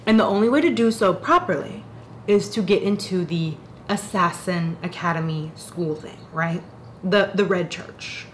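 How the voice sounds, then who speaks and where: A young woman reviewing books in casual chat, animated and rambling, often interrupting herself. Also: on the low side, moderate pace, a little hiss or hum. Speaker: book reviewer.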